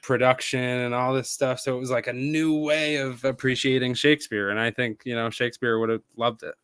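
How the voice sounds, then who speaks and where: A man, a rapper and stage actor, talking casually as a podcast guest, animated and full of "like" fillers. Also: medium pitch, brisk, smooth, dry recording.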